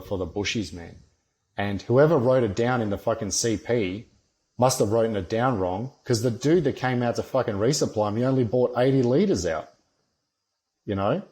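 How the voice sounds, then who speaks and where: Blunt, swearing man, low voice. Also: darkish tone. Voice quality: swears constantly, blunt and rambling. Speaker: podcast guest, ex-soldier. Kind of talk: casual podcast chat.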